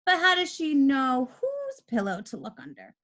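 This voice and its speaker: A sneaky, greedy little boy, as a woman reads him out from a storybook, sly and excitable. His voice jumps up and down eagerly. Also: sits high, normal speed, heavily acted. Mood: scheming. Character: mischievous greedy young boy.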